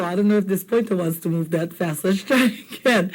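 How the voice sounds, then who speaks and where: A woman's voice: medium pitch, brisk, rough recording. A middle-aged woman teaching a language lesson, patiently drilling vowel sounds and coaxing viewers to repeat after her. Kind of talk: slow, patient classroom teaching.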